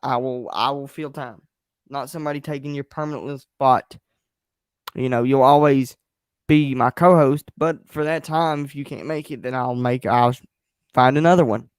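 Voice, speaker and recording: A man hosting his own show vents his frustration in a blunt, repetitive rant full of swearing. His voice sits at an ordinary middle pitch. The sound is dry and close, with no room echo. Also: fairly even intonation, moderate pace, clean tone. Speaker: podcast host. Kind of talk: angry solo rant on a live stream. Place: home at night, a partner asleep nearby.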